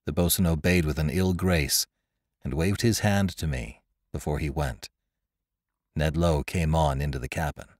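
A man narrating an adventure story aloud in a dramatic, expressive first-person telling. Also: rumbling low, normal speed, no echo, studio quality. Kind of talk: scripted audiobook narration.

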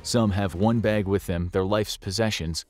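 Low-voiced man narrating a grave documentary. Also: steady tone, normal speed, faint music behind. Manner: grave, dramatic storytelling.

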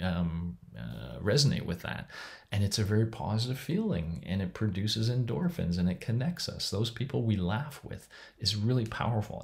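Speaking from home in an informal recorded lecture, a middle-aged man uses a low voice with vocal fry. He rambles conversationally, often starting over and chuckling softly.

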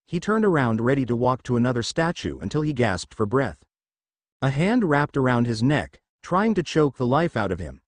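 A man narrating a fan fiction adventure story in a steady storytelling manner. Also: mid-range voice, moderate pace, dry recording.

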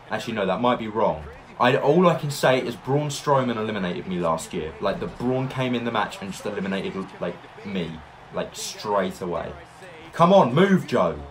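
A man giving excitable let's-play commentary, narrating each move and reacting loudly as he plays. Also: mid-range voice. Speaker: gaming YouTuber.

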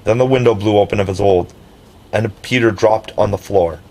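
Male audiobook narrator, low voice, measured storybook reading, faint hiss. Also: a little mellow, poor audio.

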